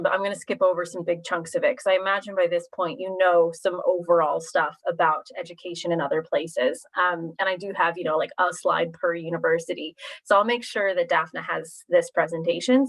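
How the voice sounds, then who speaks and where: A woman from Pennsylvania in her thirties talks through an informal presentation over a video call. She speaks in a slightly low voice and stays chatty and relaxed, with plenty of fillers. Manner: chatty, friendly, lots of fillers. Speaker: university recruitment presenter.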